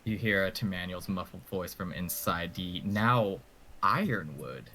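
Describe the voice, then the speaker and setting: A man's voice: low-pitched, unhurried, bright, forceful tone, a little hiss or hum. A man running a tabletop game as game master, playful and full of sound effects.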